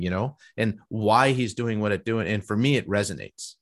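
A man's voice: on the low side, lively intonation, fairly quick, few pauses. A middle-aged man hosting a casual conversation, talking enthusiastically in long rambling runs with frequent restarts. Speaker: podcast host and professional artist.

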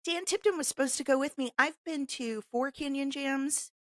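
A woman from Missouri, co-hosting a podcast and telling animated stories in casual chat. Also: high voice, moderate pace, dry recording. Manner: animated storyteller who acts out quotes. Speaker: podcast co-host.

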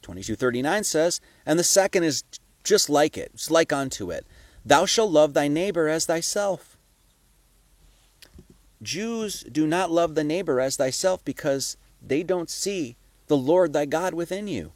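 A man's voice: fairly high pitch, expressive, normal speed, a little mellow, dry recording. A man giving a casual, conversational sermon, full of rhetorical questions and profane asides. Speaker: preacher.

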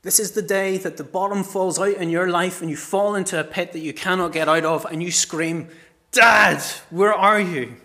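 A middle-aged man, a pastor preaching a sermon with passionate storytelling, moving from loud cries to hushed words. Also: sits high, flat delivery, fairly quick, hardly any pauses.

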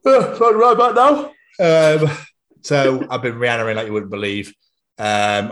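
A young man telling stories on a podcast with a lowish voice. He chats casually and excitedly, swearing freely as he goes. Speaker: podcast co-host. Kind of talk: casual chat.

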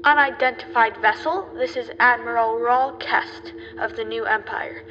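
Crisp, commanding space admiral, as a male reader puts him on, hollow echo and dull muffled sound. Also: very high-pitched, fairly even intonation, moderate pace, pushed and bright, a little hiss or hum, voice pushed up.

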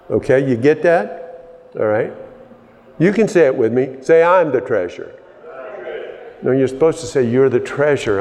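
A man preaching a sermon, conversational at first and building to emphatic high points. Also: darkish tone. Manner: conversational, rising to emphatic peaks. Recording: long reverb of a large hall.

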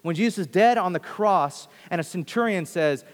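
A man's voice: sits high, lively intonation, moderate pace. A man preaching a sermon earnestly, often repeating phrases and restarting sentences. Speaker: pastor. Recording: long hall reverb.

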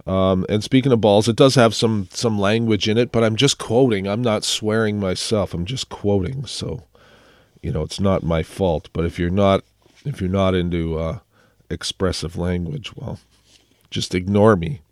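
A man's voice: sits low, normal speed, a little mellow, no echo. A man hosting a music radio show while sick, chatting casually in a rambling, self-deprecating way with many fillers. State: sick, under the weather. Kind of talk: casual radio chat introducing songs.

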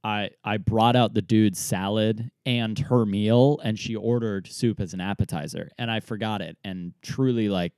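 Young male podcast co-host, lowish voice, lively storyteller. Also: no room sound, clean studio sound. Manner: animated storyteller, acts out quoted people, laughs often. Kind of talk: casual storytelling chat.

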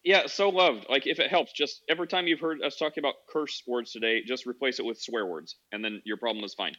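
Host type: joking, rambling man, forceful bright tone, muffled lo-fi line. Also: medium pitch, brisk. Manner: rambling, joking, laughs often. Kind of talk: casual chat.

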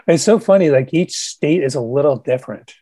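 Relaxed podcast host, dry sound. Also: medium pitch, a little fast, breathy edge, no room sound. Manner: relaxed, anecdotal, chuckling. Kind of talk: casual interview.

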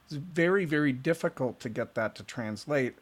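A man co-hosting a chat about virtual events, speaking in a measured way and slowing down to stress points. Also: medium pitch, lively intonation. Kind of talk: casual interview chat.

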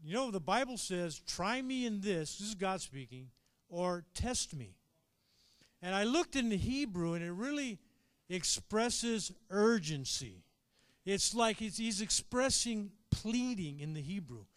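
A man preaching a sermon to his congregation, animated, calling out for amens and swinging between quiet asides and shouted high points. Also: a little slow, dry recording. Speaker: pastor.

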